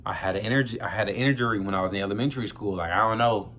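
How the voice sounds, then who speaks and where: A man's voice: on the low side, rapid-fire, a bit bright, slight background noise. A young man, grieving as he tells a personal story in loose, slangy talk, close to tears. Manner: loose, conversational slang, addresses viewers as y'all. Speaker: vlogger. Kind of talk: emotional personal storytelling to camera.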